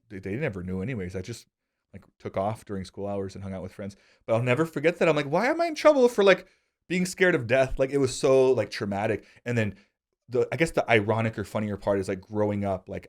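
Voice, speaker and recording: A man in his thirties hosting a podcast, telling casual stories with self-deprecating humor. He gets animated, and his voice jumps high when he quotes himself. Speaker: podcast host. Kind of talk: casual conversational storytelling.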